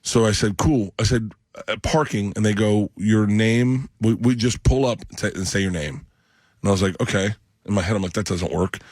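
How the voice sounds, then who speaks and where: A middle-aged man spins a rambling comic story, slipping into the voices of the people he quotes. His voice is husky and a little rough. The sound is dry and close, recorded on a studio microphone. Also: on the low side, normal speed, darkish tone, no echo. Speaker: comedian guest. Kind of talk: animated comedic storytelling. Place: radio studio.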